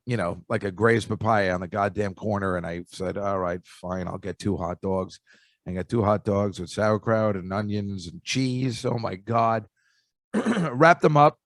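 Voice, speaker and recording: A man's voice: lowish voice, creaky, no room sound, clean studio sound. Rambling self-mocking older New man. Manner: self-deprecating, rambling with restarts. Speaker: podcast host. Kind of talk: rambling comic storytelling.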